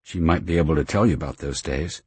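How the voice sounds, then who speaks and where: A man voicing a worldly middle-aged mother, blunt and wry. The voice stays very deep and raspy, close and dry, with little change from the reader's own. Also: fast, no room sound, full character voice. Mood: frank. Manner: frank, matter-of-fact, wry.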